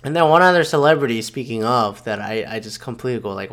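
A man's voice: medium pitch, fast. A man hosting a podcast, talking in a rambling, profane way and acting out quoted people as he goes. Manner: rambling, profane, animated retellings. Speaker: podcast host. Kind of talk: casual monologue.

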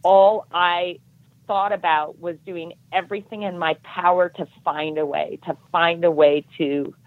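Earnest woman telling her story, low voice. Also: a little slow, narrow, tinny audio. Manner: earnest, animated storytelling with acted-out quotes. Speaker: podcast guest, triathlon coach. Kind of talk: storytelling in a podcast interview.

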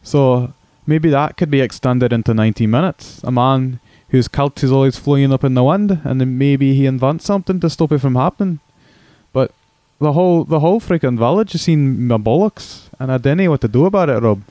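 A man's voice: mid-range voice, brisk, dark tone, dry recording, natural voice. A blustering, crude Scotsman with a thick put-on Scottish accent, as a man hams it up. He rambles on over a call with a dry, close sound. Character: crude stereotypical Scotsman cousin, gruff. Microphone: phone call.

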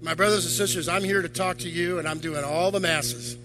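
A man's voice: high voice, fairly even intonation, brisk, noisy background. An older man, a deacon, preaching a sermon to a congregation, firing off rhetorical questions. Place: church.

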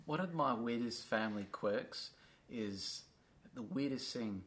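A man hosting a podcast, talking in a relaxed, rambling way and swearing casually. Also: medium pitch, unhurried. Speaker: podcast host.

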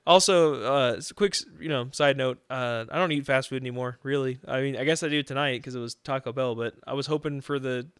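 A young man in casual chat, telling profane, animated stories with laughs. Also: mid-range voice, a little fast, few pauses, clear, resonant tone, dry recording, clean studio sound.

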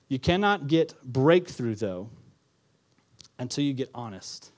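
In a church before his congregation, a male pastor preaches an earnest sermon, repeating key phrases and putting questions to the listeners. His medium-pitched voice is animated and darkish, and he speaks a little slowly.

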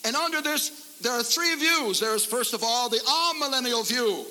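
A man's voice: very high voice, lively intonation, normal speed, sharp tone. A man preaching a revival sermon at a camp meeting, fervent and emphatic, repeating lines for effect. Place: large camp-meeting hall before a congregation. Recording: live sermon with long hall reverb.

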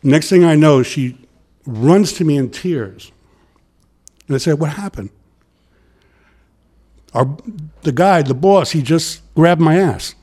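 His voice sits a little high and his pace is measured: a retired transit worker, middle-aged, being interviewed. He's a lively storyteller in this relaxed chat, performing each quote he recounts.

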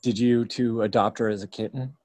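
A man's voice: medium pitch, fairly even intonation, a little fast, a little mellow, no echo. A man hosting a casual podcast chat, talking in a meandering way with many fillers. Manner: meandering, chatty, lots of fillers. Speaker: podcast host interviewing a musician.

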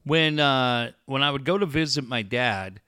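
A man's voice: medium pitch, unhurried, smooth, no echo, clean studio sound. A man co-hosting a casual sports talk show, telling stories and acting out quotes. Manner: animated storyteller, acts out quotes.

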